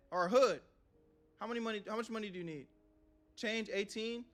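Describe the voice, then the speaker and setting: A man's voice: high voice, fairly quick, fairly bright tone. A young man streaming a game live, swearing and talking nervously to his chat as he plays. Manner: jittery, swearing, talks to chat. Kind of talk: live gameplay commentary.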